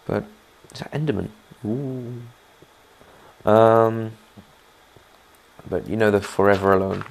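A man with a low, gravelly voice talks his way through a let's play video. He rambles casually as he builds and keeps inviting viewers to chime in. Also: slow pace, long pauses. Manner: rambling, chatty, asks viewers to comment. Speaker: gaming channel host.

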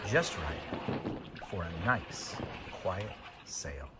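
A man narrating a children's Bible storybook in an expressive, dramatic way. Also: low-pitched, drawn-out words, heavy background noise.

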